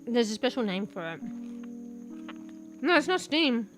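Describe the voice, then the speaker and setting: Young woman vtuber rambling on stream, kinda high voice, swears a lot, snacking as she talks. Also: sing-song, unhurried, music in the background. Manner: chatty, swears casually, laughs often. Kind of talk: casual stream chat while eating. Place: home room with a fan.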